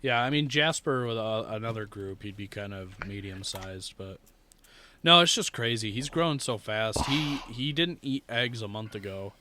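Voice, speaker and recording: A man's voice: fairly low pitch, animated, normal speed, pushed and bright, slight background noise. Laid-back swearing podcast man. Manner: rambling storyteller, swears freely, laughs often. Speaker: podcast co-host. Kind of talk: casual chat.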